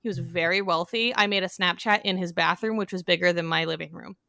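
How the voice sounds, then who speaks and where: A woman's voice: on the low side, steady tone, brisk, creaky, pushed and bright, no echo. A young woman co-hosting a podcast, telling a dating story in a casual, chatty way full of fillers. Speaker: podcast co-host. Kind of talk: casual chat.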